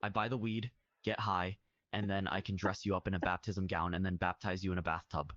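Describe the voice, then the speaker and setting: A flustered young man from a chat app, stammering through every reply in a very deep voice, as a synthetic voice acts him out. The sound is dry and close, with a dull lo-fi edge. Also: flat delivery, fairly quick, fairly bright tone, no echo. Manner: reads out its own stage actions, stammering.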